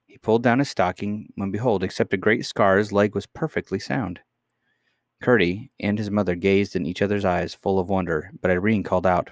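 A man reading a children's storybook aloud in a measured, calm way. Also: sits low, no room sound, clean studio sound. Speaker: narrator.

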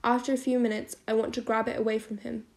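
A woman narrating a first-person novel as an audiobook, in a steady storytelling manner. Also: on the high side, fast, gravelly.

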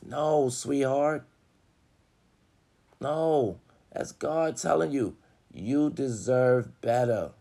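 A man delivers a casual motivational talk to his viewers. He preaches emphatically, dropping to low murmurs and then rising to loud urging, with a voice in the middle range for a man. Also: vocal fry. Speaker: motivational vlogger.

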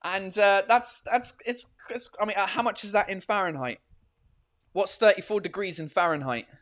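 A man's voice: high voice, fairly quick, a bit bright. Rambling, foul-mouthed male podcast host. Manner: rambling, swears freely, self-correcting. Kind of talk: casual live-stream chat. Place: hot room at home with a fan running.

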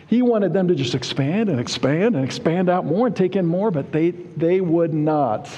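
Preaching in a church sanctuary, a man with a voice on the high side and a dark tone speaks to his congregation conversationally, frequently checking in with "Amen?" The sound is lo-fi, with the long reverb of a church hall.

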